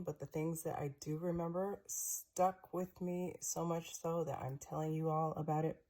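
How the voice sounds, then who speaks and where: A woman's voice: sits low, mellow. A woman in her thirties telling a personal story in a conversational, vivid way.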